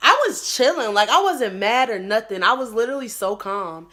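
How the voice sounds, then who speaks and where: A young woman vlogger telling a story in casual, slangy chat, animated and acting out her own quotes. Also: on the high side, moderate pace. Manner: animated, acts out quotes in a louder voice; slangy, lots of "like" and "bro". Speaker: YouTuber.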